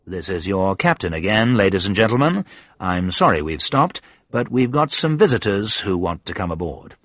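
Man reading a polite pilot announcement, deep husky voice, dry close sound. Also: very animated, moderate pace, fairly bright tone, no room sound, heavily acted. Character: calm male airline captain on the loudspeaker.

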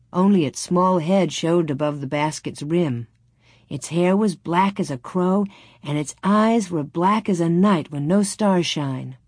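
A woman calmly reading a storybook aloud in a measured narrating voice. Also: lowish voice, slightly rough, dry recording, studio quality. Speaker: audiobook narrator.

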